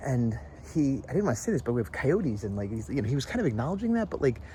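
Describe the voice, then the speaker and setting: Rambling, animated man venting outdoors. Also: mid-range voice, fast talker, slight background noise. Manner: rambling, animated storytelling with mimicked voices. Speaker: vlogger. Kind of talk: casual venting vlog. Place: outdoors in front of a house at dusk.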